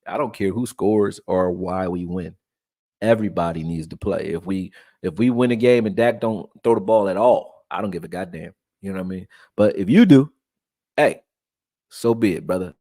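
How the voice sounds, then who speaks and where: A man from Texas, raised in Philadelphia, breaking down football film and reading chat on a live stream in a loose, profane, animated way. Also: deep voice, no room sound, studio quality. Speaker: sports commentary streamer.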